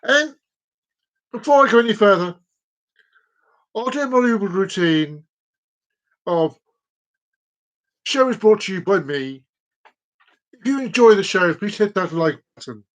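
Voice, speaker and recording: A man's voice: high voice, lively intonation, a little slow, long pauses, fairly bright tone, rough recording. A man hosting a live stream, chatting casually and telling a joke, rambling, repeating phrases and tripping over his words.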